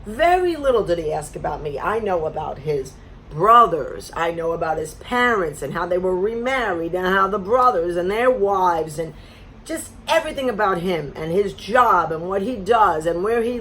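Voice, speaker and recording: A middle-aged woman vents about a bad date with sarcastic exasperation, her pitch leaping up and down as she talks. There is a faint hiss of noise behind her. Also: animated, moderate pace, a bit bright. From Florida. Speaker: vlogger. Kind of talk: casual storytelling rant.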